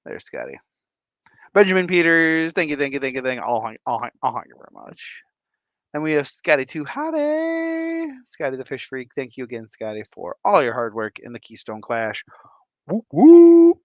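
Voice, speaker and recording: Goofy michigan guy doing stream shoutouts, voice all over the place, kinda muffled lo-fi audio. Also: medium pitch, expressive, dry recording. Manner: playful and goofy, drawn-out silly repetitions. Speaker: livestream host. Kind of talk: casual livestream shout-outs.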